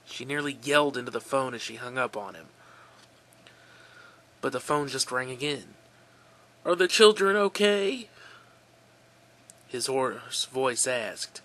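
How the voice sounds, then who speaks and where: A man reading a creepy story aloud in a relaxed, offhand way, correcting his own slips. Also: medium pitch, unhurried.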